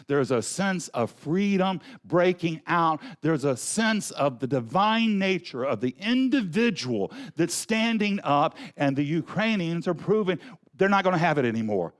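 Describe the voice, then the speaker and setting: A man's voice: on the high side, very animated. Earnest Southern man giving a sermon. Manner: earnest, slows right down to stress key words. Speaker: guest speaker at a spiritual center. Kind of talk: Sunday sermon talk.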